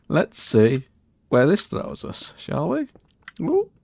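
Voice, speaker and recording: A man's voice: fairly high pitch, huge pitch swings, extremely slow, gravelly, darkish tone, no echo. A man hosting a Minecraft let's-play, chatting casually and scolding the game's mobs in a mock-posh, indignant way. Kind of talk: casual gameplay commentary.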